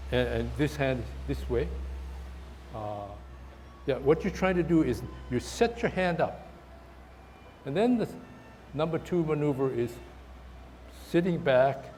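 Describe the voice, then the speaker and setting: A man teaching a tai chi class in a park, talking haltingly with many restarts while he demonstrates the moves. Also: mid-range voice, darkish tone, a little hiss or hum. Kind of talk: outdoor class instruction. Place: park, outdoors.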